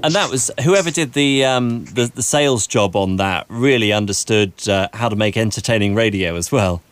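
A man's voice: fairly low pitch, normal speed, clean tone, dry recording. A man hosting a casual podcast interview, asking questions with small hesitations. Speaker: podcast host.

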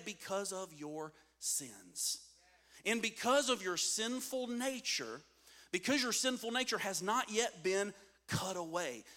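A man's voice: high-pitched, pushed and bright. A man preaching a sermon as a pastor, reading scripture and building in intensity with call-and-response.

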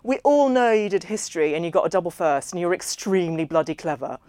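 A woman reading the part of a brash, drunk man who talks loudly and bluntly at a dinner party. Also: fairly low pitch, fast, dry recording, natural voice. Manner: loud, blunt, dismissive. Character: brash, drunken, swearing male host at dinner.

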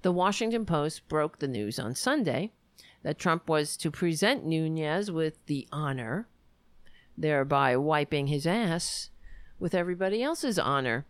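This is an American woman reading news aloud in a casual vlog, and she talks slowly. Her pitch swings widely and she drops sarcastic asides along the way. The recording is dry and close, with no room echo. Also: lively intonation. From United States. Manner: sarcastic asides, stumbles over words, talks to her dog.

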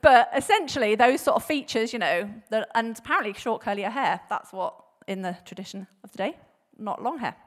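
Woman, church speaker, chatty and animated, slightly high voice, conversational sermon. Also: a little fast, few pauses. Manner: chatty, laughs often, many fillers and restarts; animated, acts out bible quotes with voices. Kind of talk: casual sermon talk.

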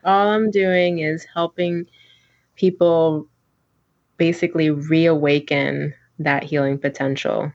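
A woman guest talking about her healing work in a casual interview, earnest, with halting restarts and frequent laughs. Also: deep voice, fairly even intonation, no room sound, lo-fi sound. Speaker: guest, healer.

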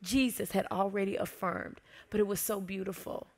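A woman pastor preaching a sermon, telling a story with lively expression and dropping to soft whispers at tender moments. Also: medium pitch, normal speed.

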